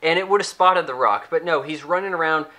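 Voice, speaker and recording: A man's voice: fairly high pitch, fairly quick, bright, forceful tone. A young man giving a casual, sarcastic, rambling movie review, acting out the characters' lines as he goes.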